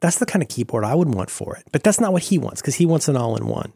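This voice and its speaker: Excitable man with a lively voice. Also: mid-range voice, quick pace, gravelly, husky, dry recording, studio quality. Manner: excitable, animated, rambling with restarts. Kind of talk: casual tech chat.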